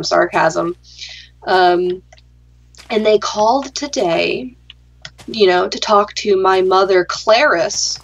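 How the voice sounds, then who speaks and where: A woman's voice: medium pitch, slow pace, creaky, highs cut off. A young adult woman hosting a gaming chat, telling a story casually in a dry, sarcastic way and swearing freely. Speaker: gaming channel host.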